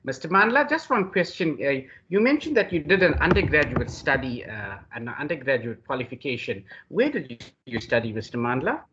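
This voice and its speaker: Bright, effusive male lecturer. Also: mid-range voice, big pitch swings, a little fast, few pauses, slight background noise. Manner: effusive, addresses the other man by name constantly. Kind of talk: online class hosting. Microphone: video call. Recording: dull lo-fi video call audio.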